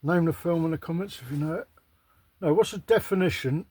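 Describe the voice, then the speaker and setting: A man's voice: on the high side, brisk, dark tone, breathy edge, no room sound. A man rambling to camera in a casual, sweary, self-mocking monologue. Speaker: vlogger.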